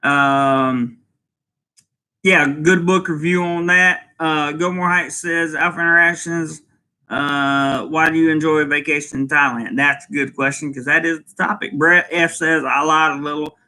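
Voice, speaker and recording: A man's voice: fairly high pitch, steady tone, measured pace, bright, forceful tone. A man hosting a casual live vlog, reading out viewer comments and rambling with lots of fillers. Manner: rambling, many fillers, chuckles often. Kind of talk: casual live-stream chat.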